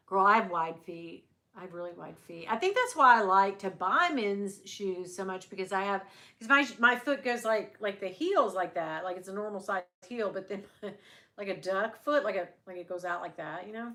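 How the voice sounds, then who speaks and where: A woman's voice: mid-range voice, animated, moderate pace, bright, forceful tone. A middle-aged woman hosting a casual livestream, chatting and rambling with her viewers and laughing often. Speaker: livestream host. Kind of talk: casual chat with live viewers.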